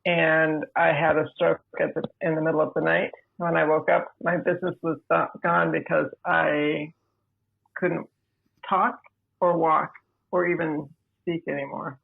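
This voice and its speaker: A woman, a podcast guest, telling her own story in a measured, deliberate way over a remote line. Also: low-pitched, flat delivery, gravelly, breathy edge. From United States. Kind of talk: personal storytelling. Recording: tinny phone-like remote line.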